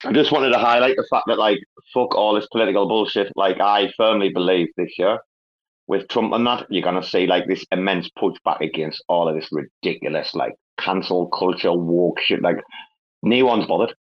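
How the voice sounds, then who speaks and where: With a low-pitched voice at a moderate pace, an English-accented host runs a casual crypto community chat online. He swears constantly, laughs, and tells stories using northern English slang, on a muffled recording.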